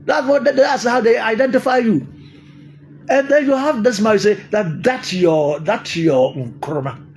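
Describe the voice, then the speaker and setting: A man's voice: high-pitched, measured pace, a little hiss or hum. An older man with a Ghanaian accent, delivering an emphatic political monologue, repeating his points and laughing often. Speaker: political commentator.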